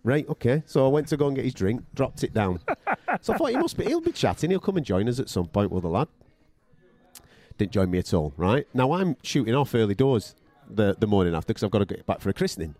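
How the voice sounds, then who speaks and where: A man's voice: on the low side, very animated, fast talker, warm tone. A male podcast co-host and radio boxing commentator telling a story in casual chat, blunt and profane, acting out other people's voices as he goes.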